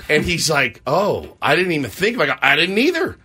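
A man with a slightly high, brisk, somewhat rough voice hosts a morning sports radio show. In a casual chat he tells a story with animation, acting out the voices of the people in it. He's recorded on a studio microphone.

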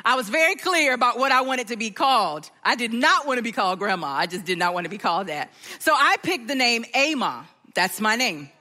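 A middle-aged woman, a guest speaker giving a lively, animated sermon talk. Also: a little high, long reverb tail. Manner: animated and warm, with joyful outbursts.

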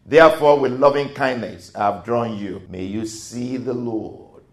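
A man preaching and praying as a pastor, repeating phrases as his voice swells loud and drops low. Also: echoey room. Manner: slow, swelling preaching with repeated phrases, rising to near-shouts and dropping low. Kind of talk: sermon with prayer.

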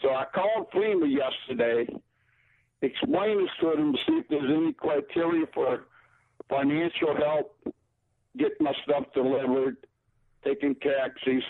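A man's voice: a little high, animated, measured pace, gravelly, a little hiss or hum. Man in his sixties on a tinny phone line. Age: 60s. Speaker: caller. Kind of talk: call-in radio chat.

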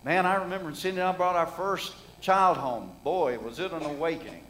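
Middle-aged man, preacher, sermon, folksy, high voice, conversational, rhetorical questions. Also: fairly quick, a bit bright, low-quality recording.

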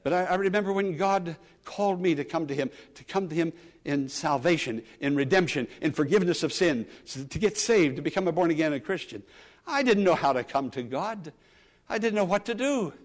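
A male pastor preaching earnestly to a congregation. He repeats his phrases and moves between loud emphasis and soft asides. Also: a little high, expressive, brisk. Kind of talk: sermon. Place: church sanctuary. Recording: long church reverb.

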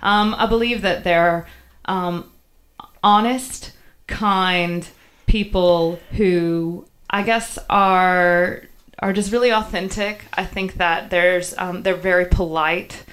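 A woman's voice: fairly low pitch, fairly even intonation, takes it slowly, fairly bright tone. A woman in her thirties from the Southern United States, with a faint Southern accent, chatting as a guest in an interview, with many fillers and restarts. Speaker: guest journalist. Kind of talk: casual interview chat.

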